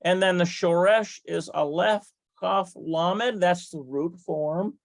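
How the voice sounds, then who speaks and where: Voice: medium pitch, slow pace, dry recording. A Hebrew teacher giving a grammar lesson, methodically spelling out letters and vowels step by step and thinking aloud with fillers and self-corrections.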